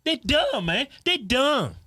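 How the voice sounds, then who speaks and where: A man co-hosting a casual political chat show, joking and mocking with loud bursts of laughter. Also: very high-pitched, very animated, slow pace, dry recording, studio quality. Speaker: co-host.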